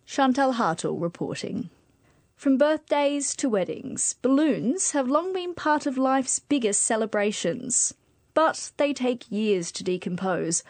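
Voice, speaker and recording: A woman presents radio news in a crisp, even, scripted delivery. Her voice sits in the middle of the range and is recorded dry and close. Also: mid-range voice, no echo.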